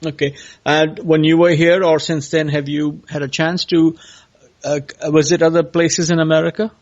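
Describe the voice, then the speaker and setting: A man hosts a podcast interview, pausing and restarting as he asks his questions. His voice sits a bit high. The sound is muffled and lo-fi. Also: flat delivery. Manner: halting, asks questions with many pauses. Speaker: podcast host. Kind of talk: interviewing a guest. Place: California.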